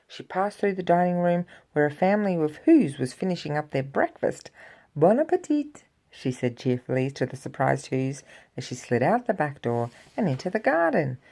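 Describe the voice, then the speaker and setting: A woman reads a children's storybook aloud to a child. Her voice is low, mellow and a little gravelly. She reads with lively swings in pitch and acts out the sound effects. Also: moderate pace. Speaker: parent reading aloud.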